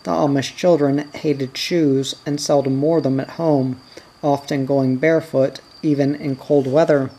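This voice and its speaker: Slow, mellow storybook reader. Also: mid-range voice, poor audio. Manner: calm, measured storytelling. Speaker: audiobook reader. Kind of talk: reading a children's novel aloud.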